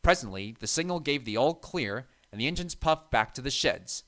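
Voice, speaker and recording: A man narrating a children's train story in an even, measured reading. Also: medium pitch.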